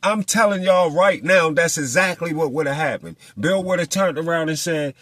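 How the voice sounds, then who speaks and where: Profane animated man on a boxing rant. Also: a little high, normal speed, no echo, clean studio sound. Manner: animated, profane, mocks people in put-on voices. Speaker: boxing commentator. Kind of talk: casual monologue.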